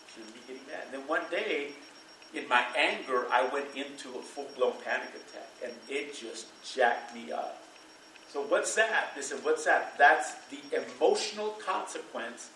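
A man's voice: on the high side, pushed and bright, roomy sound, distant mic, slight background noise, rough recording. A middle-aged man preaching a sermon to a church congregation, in a loose, conversational way, with fillers and bursts of laughter. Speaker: pastor.

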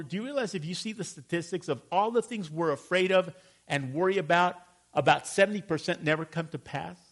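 A male pastor preaching a sermon, animated and calling for responses from the congregation. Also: sits high.

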